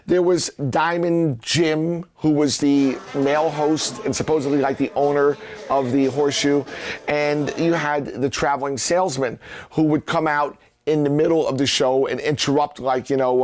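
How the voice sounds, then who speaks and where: A middle-aged man casually telling rambling stories and acting out the lines people said in lively voices. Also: on the high side. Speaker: prop collector recounting memories. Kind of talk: casual storytelling.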